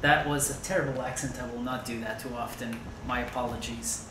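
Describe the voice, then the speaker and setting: A woman's voice: very deep voice, fairly even intonation, fairly quick, reverberant, background noise. A woman hosting a gaming video, chatting casually over her play and thinking aloud with fillers. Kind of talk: casual gameplay commentary.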